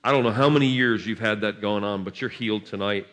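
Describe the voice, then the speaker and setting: A man preaching at a revival service in a church, laughing and shouting bursts, gentle with the children he blesses. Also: on the low side, quick pace. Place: church sanctuary.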